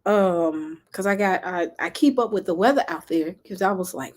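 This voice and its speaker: A woman's voice: medium pitch, animated, normal speed, dark tone. A woman from Memphis with a Southern accent, chatting and rambling casually on a livestream while reading comments. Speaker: livestream host.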